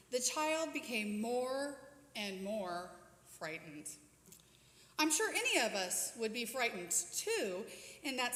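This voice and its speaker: A woman telling a children's story during a church service, expressive and inviting volunteers to help act it out. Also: a little high. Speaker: worship storyteller. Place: church sanctuary. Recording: echoey church hall with long reverb.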